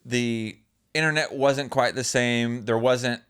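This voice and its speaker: A man's voice: mid-range voice, fairly even intonation, slow pace, fairly bright tone, smooth. A man co-hosting a casual podcast at home, rambling with lots of "like" and "um". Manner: rambling, hesitant, full of "like" and "um". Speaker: podcast co-host. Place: room at home. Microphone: mic on a stand.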